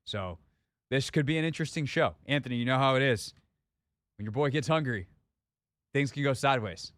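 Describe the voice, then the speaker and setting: A man's voice: mid-range voice, lively intonation, brisk, fairly bright tone, no echo. Radio host guy, dry close mic, joking around and rambling. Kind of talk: casual talk radio banter. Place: radio studio.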